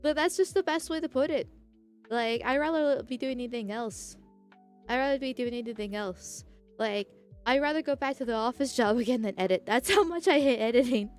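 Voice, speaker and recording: Woman streamer, casual rambling chat, fairly high voice, faint music underneath. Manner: rambling, laughs often between tangents.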